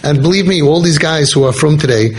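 Speaking earnestly to a listening group, this man on a parenting podcast shares a personal story informally, often restarting his sentences and using religious Hebrew terms. His voice is husky, fairly high in pitch and fairly quick.

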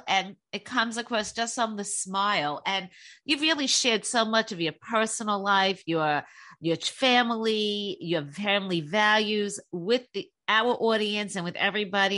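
A woman podcast host with a bright, clear voice of middling pitch. She praises her guest in a chatty, flowing way, easing into long, winding sentences. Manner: warm, praising interviewer. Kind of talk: podcast interview.

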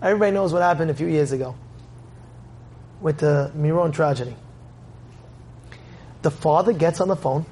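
A man giving a sermon, telling a story in an animated way and acting out its scenes. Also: fairly high pitch, moderate pace, long pauses, slight background noise. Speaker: religious speaker.

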